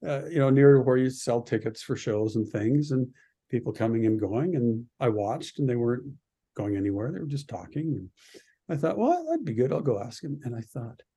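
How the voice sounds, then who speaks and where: A Canadian man who works as a radio producer tells an animated anecdote as a podcast interview guest, acting out the voices of the people in it. His voice is mid-range and husky, at a moderate pace.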